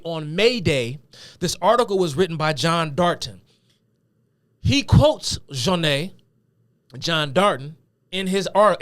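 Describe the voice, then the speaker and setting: A man's voice: high voice, fairly bright tone. A man giving lecture-style video commentary as a political commentator, emphatic and conversational with casual slang.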